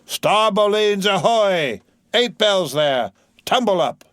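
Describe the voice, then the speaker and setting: A crew of rowdy sailors, hearty and loud, calling the watch and urging a dance, as a man puts them on. The reading is recorded dry and close. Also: on the high side, lively intonation, normal speed, no echo, pitched above the performer's own voice, natural voice. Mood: bellowing. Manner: hearty, bellowing.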